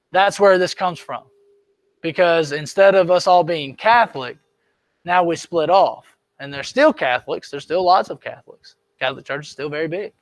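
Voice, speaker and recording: A man's voice: high-pitched, dry recording. A man teaching a history lesson to his class in a classroom, talking in a loose, conversational way and often checking whether students are keeping up. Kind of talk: classroom lecture.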